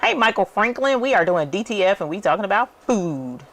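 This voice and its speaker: A woman's voice: medium pitch, very animated, a little fast. A woman, chatting casually and telling rambling stories to her viewers while she works. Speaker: channel host. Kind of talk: casual chat while working.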